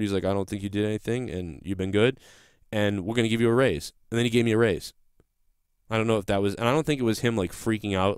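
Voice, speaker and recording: A man's voice: on the low side, darkish tone, clear, resonant tone, dry recording, studio quality. A young man, telling a long personal story in a rambling, profane way, often restarting his sentences. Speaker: podcast host. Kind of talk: casual storytelling monologue.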